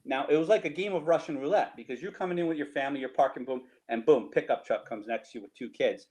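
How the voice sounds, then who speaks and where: A middle-aged man with a New Jersey accent tells tailgating stories over slides in a casual, animated way, often laughing and tagging lines with "right?". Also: medium pitch, quick pace, rough recording. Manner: animated, laughing, repeats himself, rhetorical "right?". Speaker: storyteller guest.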